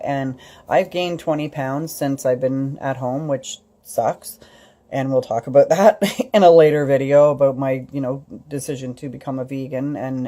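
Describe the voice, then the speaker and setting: Low, mellow-voiced woman telling her story. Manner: rambling, with frequent fillers and restarts. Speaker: vlogger. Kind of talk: casual storytelling vlog.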